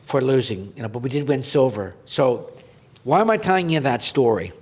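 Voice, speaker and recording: A man's voice: medium pitch, lively intonation, normal speed, darkish tone, breathy edge. A man from Canada, a former goaltender, telling his story earnestly and with feeling. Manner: earnest, heartfelt, reads a list of names aloud. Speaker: podcast guest, former goaltender. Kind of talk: emotional storytelling. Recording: long hall reverb.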